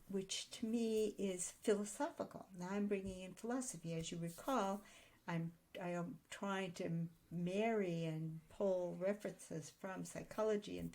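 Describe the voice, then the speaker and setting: A woman with a gravelly, slightly husky voice gives a daily lesson on note-taking. She explains step by step and stops to think aloud. Her pitch sits in an ordinary middle range. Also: mellow. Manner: thoughtful, explanatory, pauses to reason aloud. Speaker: writing teacher.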